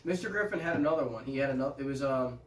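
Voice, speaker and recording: Young man, quick talker, lively pitch, echoey distant sound, faint noise. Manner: quick interjections, swears. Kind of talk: casual chat. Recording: echoey room, mic far off, faint noise.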